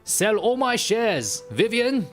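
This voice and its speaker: Man doing a rich tycoon, bossy, commanding, raised high voice, loud. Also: very animated, slow, faint music behind, heavily acted. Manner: commanding, urgent. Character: bossy rich male tycoon barking orders at an assistant.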